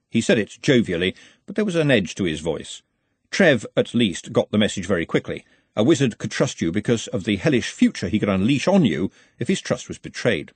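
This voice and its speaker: Husky, expressive male audiobook narrator. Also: on the low side, fairly quick, no room sound. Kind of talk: scripted narration.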